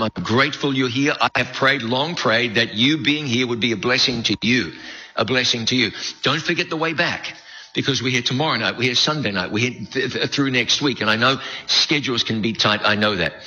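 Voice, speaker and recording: Kiwi guy in his 50s preaching, accent mostly faded, jokey and folksy, really bright voice, kinda dull muffled audio. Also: mid-range voice. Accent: faded New Zealand. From New Zealand. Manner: folksy, joking and self-deprecating, with frequent restarts. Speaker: preacher leading a Bible study series. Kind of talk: conversational sermon. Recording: dull lo-fi recording.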